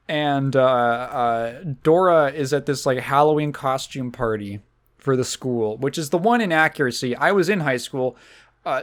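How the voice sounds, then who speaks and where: A young man hosting a casual podcast, rambling with many fillers, laughing and acting out quotes from what he describes. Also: medium pitch. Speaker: podcast host.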